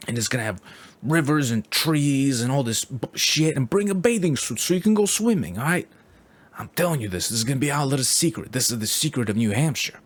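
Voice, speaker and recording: A pushy middle-aged New Yorker, as a man puts him on, talking louder and higher than the man's own voice. He is brash and insistent, leaning in and repeating himself. The voice stays gruff in manner and never lets up. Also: lightly acted.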